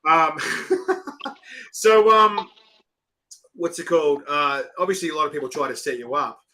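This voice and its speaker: A man's voice: on the high side, unhurried, bright, forceful tone. A man with an Australian accent hosting a casual live-stream interview, chatty and slangy, laughing often. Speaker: host.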